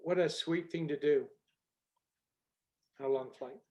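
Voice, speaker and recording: Older man, slightly high voice, earnest conversational storytelling, video call, soft at moving moments. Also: measured pace. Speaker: speaker on a group call. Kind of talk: storytelling talk.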